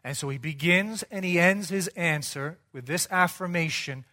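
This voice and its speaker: A male pastor delivering a sermon in a somewhat high voice. He argues point by point with rhetorical questions, swinging from hushed lows to loud, forceful emphasis. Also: moderate pace, hardly any pauses.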